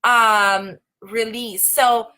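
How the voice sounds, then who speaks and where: A woman's voice: on the high side, fairly even intonation, extremely slow, pushed and bright. A young woman hosting a casual live stream, chatty and full of "like" and "um". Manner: chatty, many fillers like "like" and "um". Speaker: host.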